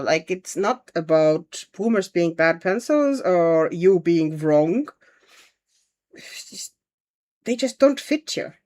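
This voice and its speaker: Painting on a casual livestream, the host talks through her thoughts and responds to viewers' comments. She has a lowish, slightly mellow voice.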